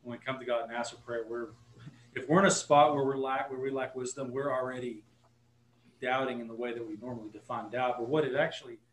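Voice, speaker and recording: A man's voice: medium pitch, echoey room, a little hiss or hum, rough recording. A man with a Texan accent, a guest pastor telling a story in casual podcast talk, earnest and correcting himself as he goes.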